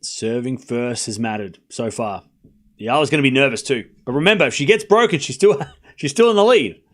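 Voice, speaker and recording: A man giving casual live play-by-play of tennis for his stream, talking to chat and shouting at big points. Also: mid-range voice, brisk. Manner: excitable, talks straight to chat, bursts of shouting at big points; casual and chatty, with slang and asides. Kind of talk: live watchalong play-by-play commentary.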